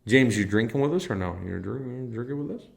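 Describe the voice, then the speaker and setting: A man's voice: medium pitch, expressive, fast, vocal fry, reverberant. A man hosting a casual whiskey live stream, enthusiastic and swearing freely as he talks to viewers in chat. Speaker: whiskey livestream host.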